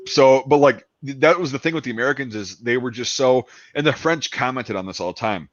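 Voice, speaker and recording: A man in casual chat, telling a story with lots of energy and quick asides, acting out the people in it and swearing freely. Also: medium pitch, no echo. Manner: excited storyteller, acts out quoted soldiers, swears. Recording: dull lo-fi dry sound.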